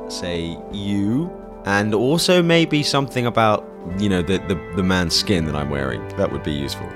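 A man in a tabletop game session with a lowish voice. He talks casually, laughing often and stumbling through fillers as he describes his character's actions. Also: expressive, normal speed, over music. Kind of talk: casual chat.

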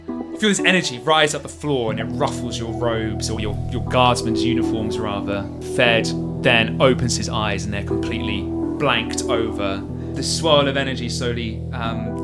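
Halting man narrating a fantasy game. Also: mid-range voice. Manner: descriptive, halting with fillers. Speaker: game master. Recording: music playing behind.

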